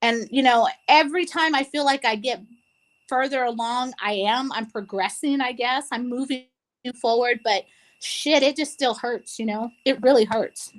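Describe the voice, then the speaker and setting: A woman's voice: a little high, moderate pace, low-quality recording. A woman co-hosting a casual talk show, speaking earnestly and tearfully with many restarts. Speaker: co-host. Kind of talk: emotional casual chat.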